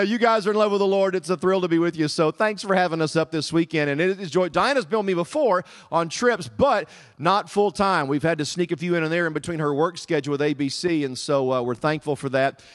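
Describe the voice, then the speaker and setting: Southern US man, middle-aged, guest preacher, lively joking storyteller, voice sits a bit high. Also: fairly quick. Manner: animated, humorous storytelling. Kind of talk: sermon. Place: church service.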